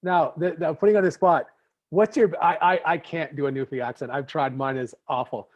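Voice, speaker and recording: Speaking briskly in a fairly high voice with fairly even intonation, a Canadian man hosts a podcast interview. The chat is casual and rambling, full of fillers and restarts, captured in slightly muffled lo-fi sound.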